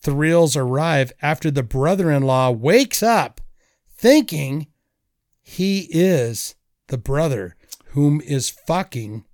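A man runs a movie quiz on a casual podcast, reading the trivia slowly and deliberately. His voice sits a little high. The sound is dry and close. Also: expressive, a little mellow, no echo.

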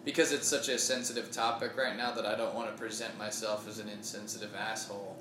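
A man's voice: lowish voice, flat delivery, fast talker, echoey room, background noise. A man hosting a podcast, eager and encouraging toward his guest. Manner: eager, encouraging, laughs easily. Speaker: podcast host, comedian. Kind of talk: casual podcast conversation.

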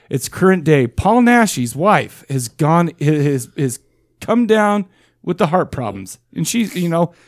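In a clean studio recording with no echo, a fairly high-pitched man co-hosts a podcast. He chats casually, rambles and jokes, laughing frequently.

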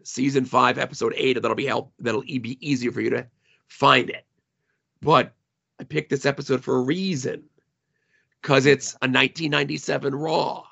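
A man's voice: medium pitch, fairly even intonation, normal speed, creaky, bright, forceful tone, breathy edge, muffled recording. A man co-hosting a casual podcast, chatty and wry, laughing at his own jokes. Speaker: podcast co-host.

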